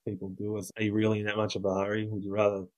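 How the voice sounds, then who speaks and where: A man's voice: on the low side, monotone, very fast, a little mellow, rough recording. A man co-hosting a podcast in casual chat, blunt and opinionated, swearing freely. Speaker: podcast co-host.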